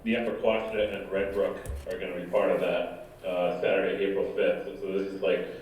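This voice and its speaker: A man on town staff speaking at a public meeting, halting and full of you-knows. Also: deep voice, little pitch movement, darkish tone, slight background noise. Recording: echoey, distant room mic.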